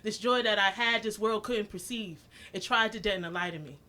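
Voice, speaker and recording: A woman's voice: mid-range voice, fairly quick, bright, forceful tone. A woman in her thirties from the New Jersey shore, a spoken word poet and activist who performs in a rhythmic style with repeated refrains. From Asbury Park area, New Jersey. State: emotional, voice catching.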